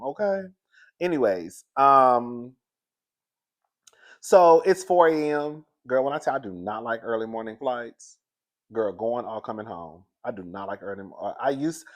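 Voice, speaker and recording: Chatty gossiping man recapping reality TV. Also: medium pitch. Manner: chatty, gossipy and animated, laughs often, says "girl" a lot. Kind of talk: casual chat.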